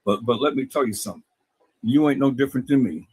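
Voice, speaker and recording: A man's voice: medium pitch, quick pace, darkish tone, slightly rough, no echo. A man talking to his viewers in a casual, preachy way, often stammering and repeating words. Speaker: video host.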